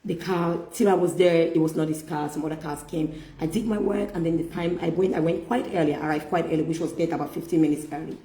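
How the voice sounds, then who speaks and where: A middle-aged woman telling a personal story in a casual faith-based chat, animated and often laughing as she quotes herself. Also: low voice, fast talker, hardly any pauses, slight background noise. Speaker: host. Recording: echoey room.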